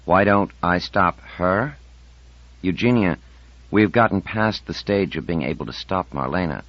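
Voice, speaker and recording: Narrator doing a slow, dry-witted man, deep, flat dull sound. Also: no echo. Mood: wry. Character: calm, wry middle-aged man, deliberate. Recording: dull dry audiobook recording.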